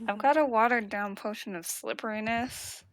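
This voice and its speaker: A woman's voice: on the high side, dry recording. A woman playing in an online tabletop game, chatting casually and hesitantly, often trailing off mid-sentence. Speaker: player.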